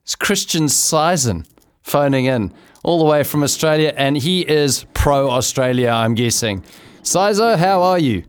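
A man's voice: a little high, expressive, a little slow, clear, resonant tone. A man with a New Zealand accent, a former cricketer co-hosting a sports show, joking around in casual chat. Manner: jokey, laughing easily.

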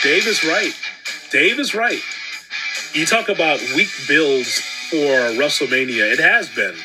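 A man's voice: mid-range voice, rough recording. A man casually talking through upcoming wrestling matches, with frequent fillers and restarts. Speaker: wrestling commentator. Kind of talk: casual opinion monologue.

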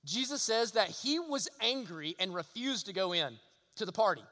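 A male pastor delivers an earnest sermon in a very high voice that is bright and forceful. He keeps turning to the congregation with rhetorical questions. A long hall reverb trails after his words. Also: lively intonation, moderate pace.

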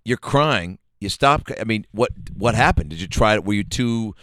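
A man hosting a podcast in casual chat, tossing in jokes and quick asides. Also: lowish voice, lively intonation, fairly bright tone, no echo, studio quality. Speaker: podcast host.

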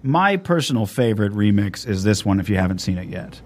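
A man hosting a podcast in casual chat, rambling and animated, swearing freely. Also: lowish voice, brisk. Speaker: podcast host.

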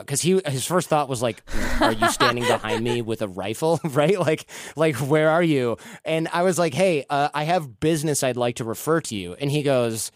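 A man's voice: mid-range voice, a little mellow, no room sound, studio quality. Man telling stories in casual talk. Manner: storytelling, acts out quoted dialogue. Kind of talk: casual conversational advice.

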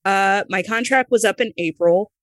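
A woman, a former pro wrestler, telling her story candidly in an interview, lively and acting out the voices of the people she quotes. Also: mid-range voice, normal speed, dry recording. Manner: animated, acts out quoted voices, laughs between lines.

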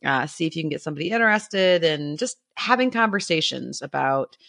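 Female podcast co-host, enthusiastic and chatty, lowish pitch, bright tone. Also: lively intonation, brisk, vocal fry. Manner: enthusiastic, chatty, laughs often. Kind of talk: casual chat.

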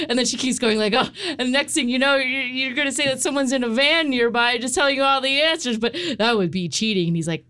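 A woman's voice: on the high side, fast talker, few pauses, fairly bright tone, clean tone. A woman co-hosting a podcast in casual chat, who acts out cartoon scenes with funny voices. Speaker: podcast co-host.

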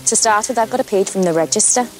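An actress playing a former chambermaid turned blackmailer, speaking with a Liverpool accent in a coolly taunting, threatening way. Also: female voice, medium pitch, fast talker, a little mellow, faint music behind, close to an everyday voice. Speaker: actor in a period drama clip.

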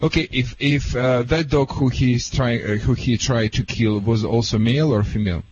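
A man's voice: mid-range voice, moderate pace, a little mellow. A man from Russia, a dog trainer giving joking, chatty call-in advice in broken English, on dull lo-fi audio with faint hiss. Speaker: dog trainer guest expert.

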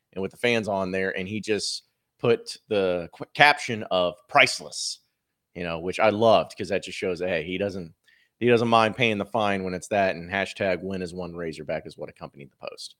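A man hosting a sports podcast, giving opinionated, rambling commentary with plenty of filler words. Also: on the low side.

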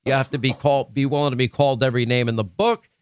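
A man's voice: mid-range voice, fairly even intonation, very fast, smooth, dry recording. A man hosting a talk radio show, giving an opinionated monologue in a conversational, emphatic way with frequent restarts. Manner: conversational, emphatic, self-correcting. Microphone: studio microphone.

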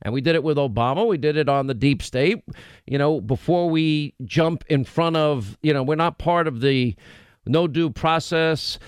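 A middle-aged man with a New York accent hosting a talk radio show, emphatic and quick, often breaking off mid-sentence. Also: a little high, smooth, dry recording. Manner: emphatic, rapid, self-interrupting.

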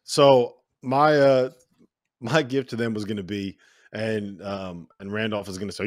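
A man's voice: lowish voice, measured pace, no echo, studio quality. A man hosting a casual sports podcast, laughing often as he steers the conversation. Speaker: podcast host.

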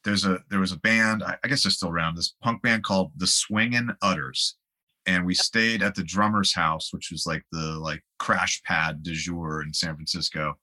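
A man's voice: sits low, steady tone, normal speed, sharp tone. A man, a guest musician, telling rambling anecdotes in a casual interview and laughing along the way.

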